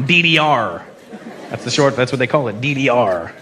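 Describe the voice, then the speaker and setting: A man's voice: mid-range voice, animated, normal speed, a bit bright. A man doing a stand-up comedy set on stage, brash and profane, teasing the crowd. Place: comedy stage before a live audience. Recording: live stage mic with crowd noise.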